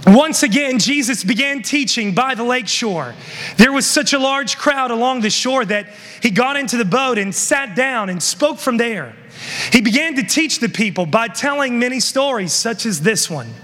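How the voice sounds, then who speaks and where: A man with a very high voice preaches a sermon, reading scripture and pressing his points with emphatic, building intensity that climbs into shouts. His voice rings out with a long reverb in a large church hall. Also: animated, moderate pace. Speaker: pastor.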